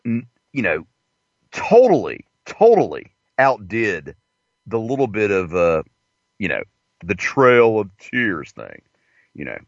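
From inside a parked car, a comedian host delivers a crude, rambling, profane stand-up monologue. His voice is on the low side with huge pitch swings, a slow pace and long pauses, and the dull lo-fi recording is dry.

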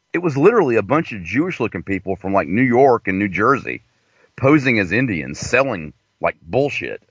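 A man's voice: medium pitch, a bit bright, dry recording. A man doing a rambling, profane comedy monologue from inside a parked car. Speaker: comedian host. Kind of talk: crude stand-up monologue. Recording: dull lo-fi, dry.

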